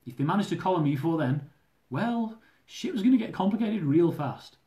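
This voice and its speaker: A man reading his own humorous travel memoir aloud, lively and dramatic, with comic swearing. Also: high voice, brisk. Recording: roomy echo.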